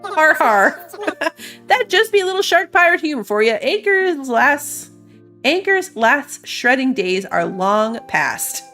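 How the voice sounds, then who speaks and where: A woman's voice: high-pitched, big pitch swings, takes it slowly, pushed and bright, soft background music, voice pushed up, exaggerated voice. Anchor, a woman doing a jolly old shark pirate. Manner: hearty pirate drawl with laughs.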